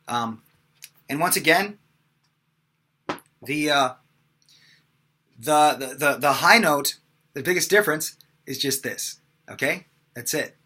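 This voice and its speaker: Young guy teaching high notes, super bright voice, lots of ums, chill lesson vibe. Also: brisk, pauses often. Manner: casual, talks with many fillers between demonstrations. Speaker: singing teacher. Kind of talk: vocal lesson with sung examples.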